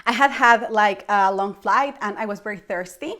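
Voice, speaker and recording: Animated young Mexican woman telling a story. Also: medium pitch, moderate pace. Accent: Mexican Spanish. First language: Spanish. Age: young adult. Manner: animated, acts out her past reactions with exclamations. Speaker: vlogger. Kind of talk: casual storytelling vlog.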